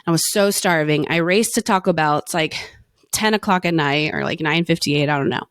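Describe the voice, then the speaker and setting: A woman's voice: deep voice, fairly quick, a bit bright, no room sound. A young woman from Florida co-hosting a podcast, telling a personal story in casual chat with self-mocking humor. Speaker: podcast co-host.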